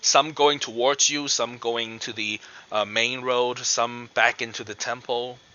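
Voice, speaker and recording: A man's voice: medium pitch, steady tone, a little slow, bright, forceful tone, dull audio. A man narrating as game master, describing scenes and calling for checks, with many fillers and restarts.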